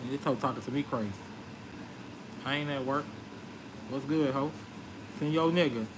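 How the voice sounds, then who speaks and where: A man's voice: mid-range voice, moderate pace, noisy background. A man telling street stories in a brash, confrontational, profane rant. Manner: brash, confrontational, animated retelling. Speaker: vlogger.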